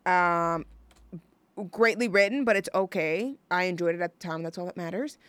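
A woman's voice: on the low side, moderate pace, a bit bright, clean tone, dry recording. A young woman hosting a college radio show, chatting on her own in a rambling, gushing way full of fillers and restarts. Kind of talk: casual solo radio chat.

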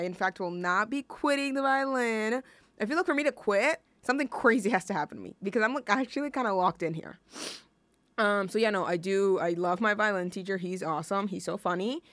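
A young woman hosts a music show in a loose, chatty way, piling up fillers and gushing over what she loves. Her voice sits at an ordinary middle pitch. The sound is dry, with no room echo. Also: fairly bright tone. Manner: rambling, filler-heavy, gushing. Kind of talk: casual chat.

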